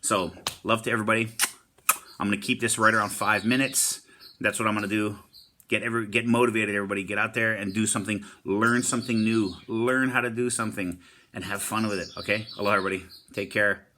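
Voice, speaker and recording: A man's voice: on the low side, fairly even intonation, fast talker, bright, forceful tone. A man giving a casual, upbeat motivational talk, repeating himself often and using surfer slang like "stoked.". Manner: upbeat, encouraging, repetitive. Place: Hawaii.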